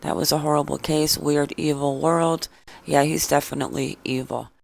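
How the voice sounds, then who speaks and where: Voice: medium pitch, fairly even intonation, moderate pace, creaky. A true crime vlog host reading out viewer comments in casual chat, with blunt, sarcastic replies. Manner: opinionated, chatty.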